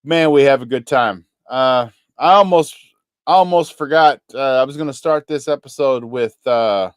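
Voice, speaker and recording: A man's voice: mid-range voice, moderate pace, smooth, no room sound. A man from Kentucky with a toned-down Kentucky accent, hosting a live gaming show in loose, joking, rambling talk. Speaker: show host. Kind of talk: casual live-stream chat.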